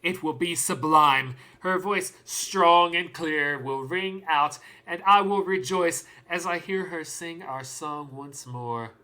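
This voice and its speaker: A man on a stream doing cold, deliberately deadpan dramatic readings of excerpts. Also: fairly high pitch. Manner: deliberately deadpan, over-earnest delivery.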